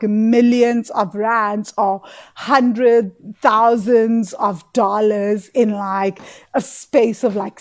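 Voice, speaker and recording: Woman, animated money-mindset coach, chatty and emotive, a touch high. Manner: animated, emotive, acts out inner voices. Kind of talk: casual podcast talk.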